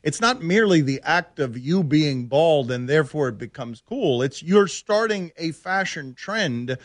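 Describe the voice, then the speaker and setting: A man hosting a sports talk radio show, arguing in animated, rambling tangents. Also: a little high, measured pace, no room sound, studio quality. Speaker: radio host.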